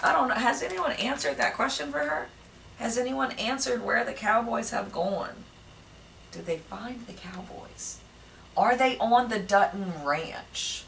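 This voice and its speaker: A woman's voice: on the high side, unhurried, vocal fry, a bit bright. A woman vlogger chatting casually to herself while wrapping gifts at home, with self-mocking asides. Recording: distant mic with background noise.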